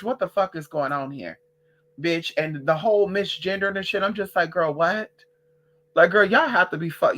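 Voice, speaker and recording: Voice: mid-range voice, sharp tone. A vlogger ranting casually to the camera, sassy and profane, who calls listeners girl and honey and hammers phrases by repeating them.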